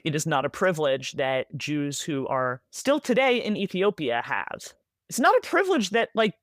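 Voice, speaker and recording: A woman from the United States, an author being interviewed, speaking rapidly in an animated way with many "like"s and tag questions. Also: deep voice, dry recording, studio quality. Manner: animated, rapid, filler-heavy with frequent "like" and "right?". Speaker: author, guest. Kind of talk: conversational interview answers.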